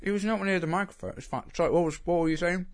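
A man's voice: high voice, very fast. A man co-hosting a casual podcast chat, making dry, sarcastic quips. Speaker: podcast co-host.

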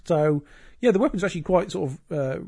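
A man's voice: fairly high pitch, expressive, quick pace, a little mellow, breathy edge. A man hosting a casual podcast, rambling with many fillers and restarts. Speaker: podcast host. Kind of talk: casual chat.

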